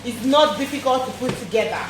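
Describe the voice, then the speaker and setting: A woman's voice: expressive, brisk. A young woman in a casual home vlog unboxing a baby product. She talks chattily, repeats her phrases and gushes about how nice it is. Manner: turns high and sing-song when talking to her toddler. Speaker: vlogger reviewing a baby product. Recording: echoey room with background noise.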